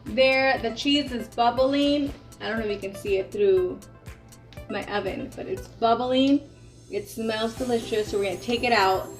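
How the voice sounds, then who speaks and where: Woman cooking-show host, fairly high voice, chatty, echoey kitchen with faint music. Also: moderate pace. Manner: chatty, teasing, with many fillers. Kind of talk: casual cooking demonstration. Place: home kitchen.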